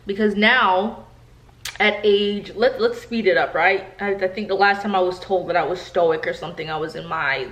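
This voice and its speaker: A woman's voice: mid-range voice, normal speed, a bit bright. A woman in her thirties from New York, telling personal stories to camera in a candid, chatty way and often speaking straight to her viewers. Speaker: vlogger. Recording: echoey room.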